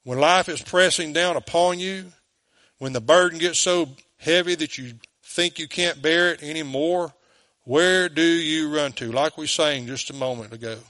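A man's voice: a little high, sharp tone, dry recording. Earnest preacher man, dry sound. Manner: earnest, slows down when quoting scripture; asks the listeners direct questions. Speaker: pastor. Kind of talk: sermon.

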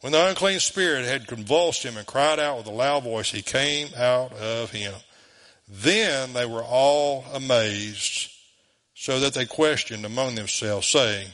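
A man's voice: medium pitch, a little slow, a bit bright. A man preaching a sermon in a folksy, conversational way, chuckling often. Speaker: pastor.

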